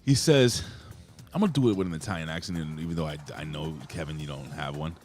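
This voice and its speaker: A man co-hosting a wrestling podcast in casual chat, loud and jokey, swearing as he reads out viewer comments. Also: rumbling low, fast talker, soft background music. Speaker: podcast co-host reading chat.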